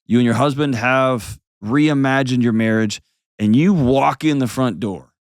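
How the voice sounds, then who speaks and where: A man's voice: medium pitch, measured pace, no room sound, studio quality. A man hosting an advice call-in show, talking bluntly and painting vivid scenes as he coaches a caller. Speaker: host.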